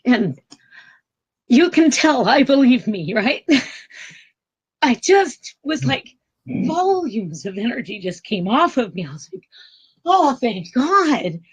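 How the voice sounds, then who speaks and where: A woman guest telling a personal spiritual story in an earnest, emotional, halting way. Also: fairly high pitch, sing-song, breathy edge, muffled recording.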